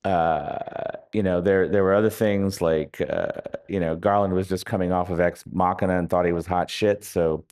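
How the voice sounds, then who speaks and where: A very low-pitched man speaks on a festival stage in front of an audience. He tells long, wry stories that wander, full of pauses and small restarts, in an easygoing interview tone. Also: steady tone, darkish tone. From United States. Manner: wry, rambling anecdotes with many hesitations. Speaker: author being interviewed. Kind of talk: live onstage interview.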